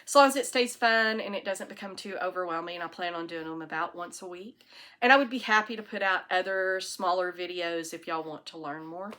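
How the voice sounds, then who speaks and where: A woman with a fairly low, bright voice and a forceful tone talks a little fast as she hosts her own knitting podcast. She's home alone in front of an iPad camera on a tripod, chatty, rambling and quick to knock herself.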